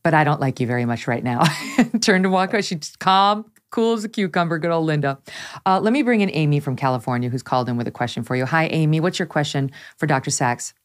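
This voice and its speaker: A woman's voice: low voice, quick pace. A woman hosting a call-in talk show, chatting lightly and sharing a family anecdote before bringing in a caller.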